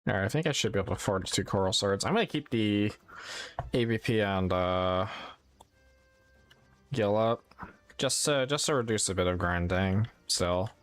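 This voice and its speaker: A man's voice: lowish voice, expressive, normal speed, long pauses, soft background music. A man streaming a game, chatting casually and rambling, often correcting his own words. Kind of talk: casual gameplay chat.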